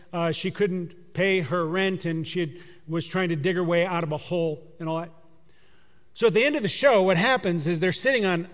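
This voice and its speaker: A man preaching a sermon through a story, in a conversational way that drops to a hush for emphasis. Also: sits high. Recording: long hall reverb.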